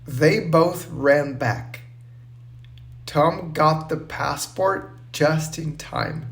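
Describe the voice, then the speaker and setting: Man narrator for English-learner stories, a touch high-pitched, extremely slow and clear. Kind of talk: simple English storytelling for learners.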